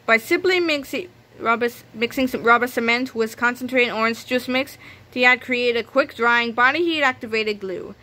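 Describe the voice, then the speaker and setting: A woman's voice: fairly high pitch, sharp tone. A woman reading a children's book aloud, telling the story with small slips and restarts. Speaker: reader.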